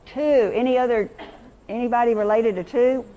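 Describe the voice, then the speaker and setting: A woman's voice: fairly high pitch, steady tone, brisk, warm tone, a little hiss or hum. A middle-aged woman teacher leading an interactive workshop lesson, enthusiastic and quizzing her audience.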